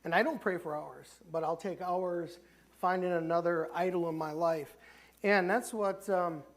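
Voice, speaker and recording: A man with a Midwestern American accent preaching a sermon as pastor in a church sanctuary, talking conversationally with many restarts. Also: high-pitched. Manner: conversational preaching, frequent restarts, voices the characters he retells.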